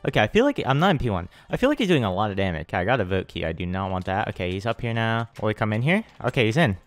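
A young man hosting a gaming channel, giving excitable live commentary on his own play and hyping every win with slang. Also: on the low side, rapid-fire, dry recording.

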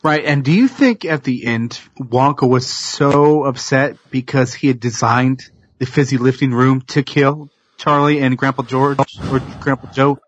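Man, podcast co-host, husky, slightly muffled, dry sound. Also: medium pitch, a little slow. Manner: joking, animated. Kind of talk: casual chat.

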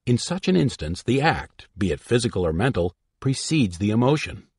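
Husky-voiced man reading self-help aloud. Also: medium pitch, big pitch swings, normal speed, darkish tone, no room sound. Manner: emphatic, instructive reading. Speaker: audiobook reader. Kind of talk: scripted self-help narration.

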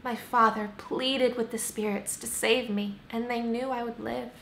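A woman voicing a gentle, solemn young princess from a cartoon, speaking in a soft, hushed way. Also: a little high, fairly even intonation, a little slow, vocal fry, reverberant, a little hiss or hum.

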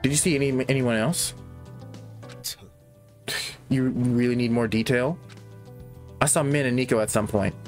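Gaming host, male, reads the game's dialogue aloud at an average pitch and drops in his own asides, with faint game music behind him. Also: steady tone, unhurried, long pauses, a little mellow. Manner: reads character lines aloud, breaking off to comment and laugh.

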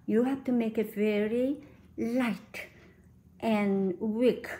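A woman's voice: on the high side, fairly even intonation, slow, mellow. A woman giving a piano lesson, counting beats and singing rhythms aloud as she teaches. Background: piano playing.

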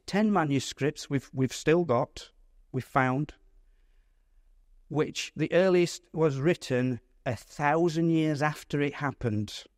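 A man, a pastor, teaching a Bible study in a lively, conversational way, putting questions to his audience. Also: medium pitch, no room sound, clean studio sound.

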